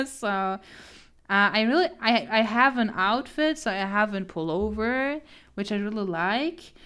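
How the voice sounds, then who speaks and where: A woman's voice: mid-range voice, fairly bright tone, clear, resonant tone. A young woman art streamer chatting casually while she draws, laughing often, flustered and self-deprecating. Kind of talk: casual chat while drawing.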